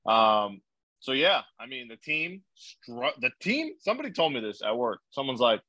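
A man's voice: mid-range voice, big pitch swings, normal speed, pushed and bright, no echo, rough recording. A young man hosting a casual podcast, telling rambling stories with lots of fillers and swearing. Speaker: podcast host. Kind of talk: casual chat.

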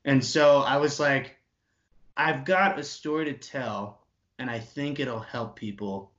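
A man in his twenties telling an animated story, swearing freely and acting out the other people's lines. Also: mid-range voice, takes it slowly, muffled recording.

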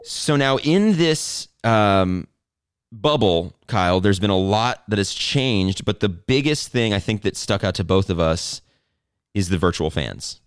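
A man's voice: on the low side, lively intonation, a little slow, smooth, no room sound, studio quality. A man hosting a casual sports podcast, talking in a playful, rambling way. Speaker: podcast host.

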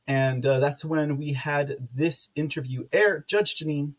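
A man hosting a casual political commentary livestream, rambling with many fillers and restarts, with sarcastic asides and loud laughs. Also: a little high, measured pace. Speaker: podcast host.

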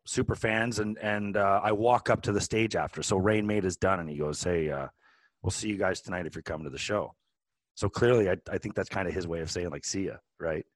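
A man in his forties, a podcast co-host, telling a long casual story with lots of restarts and animated asides. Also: lowish voice, no echo. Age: 40s. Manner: animated, rambling with many restarts.

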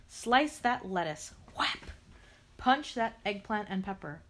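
A woman's voice: medium pitch, expressive, takes it slowly, sharp tone. A woman reading a picture book aloud, talking playfully to the character and adding sound effects. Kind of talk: expressive read-aloud to a character.

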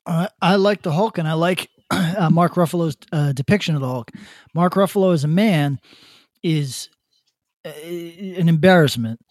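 A man co-hosting a podcast, ranting bluntly with swearing and halting restarts. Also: fairly high pitch, no room sound, studio quality. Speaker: podcast co-host. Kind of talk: casual opinion rant.

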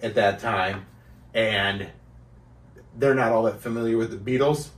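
A man's voice: lowish voice, measured pace. A man hosting a casual comedy podcast, teasing his co-hosts and explaining things at length. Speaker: podcast host. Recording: roomy, distant mic.

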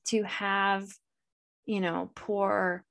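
Woman, mid pitch, podcast co-host, enthusiastic, gushing, casual retelling. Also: little pitch movement, drawn-out words, creaky, fairly bright tone. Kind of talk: casual book club chat.

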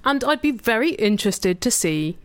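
A woman's voice: fairly high pitch, sing-song, normal speed. A woman co-hosting a comedy podcast, bantering dryly with her co-host. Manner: dry, sarcastic banter.

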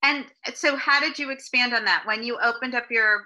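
A woman's voice: on the high side, moderate pace, bright, forceful tone, poor audio. A woman hosting an interview, asking eager, enthusiastic questions. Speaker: interview host. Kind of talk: casual interview.

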